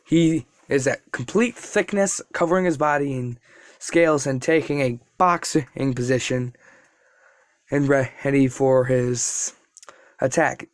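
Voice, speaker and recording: A man's voice: medium pitch, unhurried, no echo, studio quality. A young man casually narrating a fan-made story, rambling with restarts and asides.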